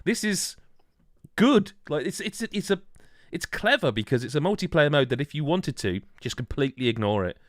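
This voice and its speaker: A man chatting on a gaming podcast. His pitch swings a lot as he tells stories and laughs along. The sound is dry, with almost no room around it. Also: normal speed, no echo. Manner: animated, laughs while telling stories. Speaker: podcast co-host. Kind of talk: casual chat.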